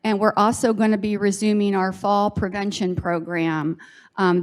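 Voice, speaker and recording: A woman with a mid-range voice speaks in a friendly, reassuring way at a town hall meeting. She pauses now and then with small fillers as she explains plans. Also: mid-range voice. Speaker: health services staff.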